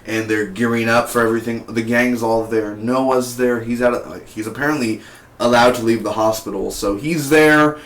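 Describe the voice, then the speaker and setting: A young man chatting through a casual spoken TV review in a rambling, excitable way. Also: mid-range voice, moderate pace. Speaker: TV show reviewer. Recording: echoey room.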